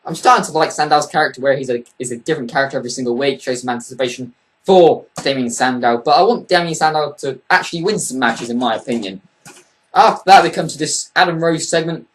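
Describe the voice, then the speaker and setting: A man's voice: on the high side, brisk. A man giving a casual, opinionated wrestling review, blunt and profane.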